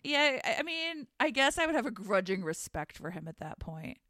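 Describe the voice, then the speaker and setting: A woman's voice: fairly high pitch, very animated, pushed and bright, no room sound, studio quality. A woman co-hosting a podcast, chatting casually and wryly about wrestling and laughing easily. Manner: chatty, wry, quick to laugh. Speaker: podcast co-host. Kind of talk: casual wrestling recap chat.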